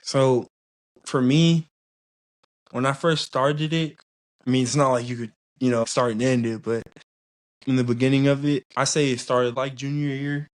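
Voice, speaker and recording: Candid young man, mid-pitched. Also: steady tone. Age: young adult. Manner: easygoing, candid, halting with fillers. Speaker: podcast guest. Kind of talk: casual podcast chat.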